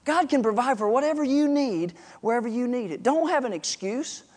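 A man's voice: extremely high pitch, expressive, fairly quick, a little mellow. A man in his forties preaching a sermon, telling a story and stressing points emphatically. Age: 40s. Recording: long reverb in a large hall.

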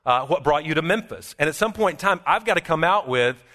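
A man preaching a sermon as a pastor, telling a story in an earnest way, moving from loud, lively passages to hushed, quiet ones. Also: a little high, brisk, big-room sound. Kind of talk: chapel sermon.

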